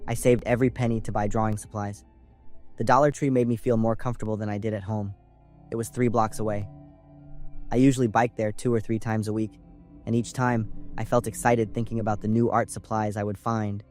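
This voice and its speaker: Low-voiced young man narrating horror. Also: flat delivery, fairly quick, a little mellow. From California. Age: young adult. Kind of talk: scripted horror story narration. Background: faint music.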